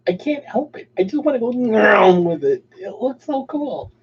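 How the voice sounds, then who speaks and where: A man's voice: sits high, sing-song, moderate pace, slightly rough. A man chatting casually as co-host on a livestream, teasing and playful. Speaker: co-host, husband. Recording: dull lo-fi stream audio.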